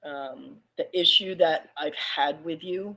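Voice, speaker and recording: A woman making a hesitant, subdued personal statement to an online community, pausing often. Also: deep voice, creaky, sharp tone. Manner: subdued, hesitant, many pauses and ums. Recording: muffled lo-fi audio, played back on a stream.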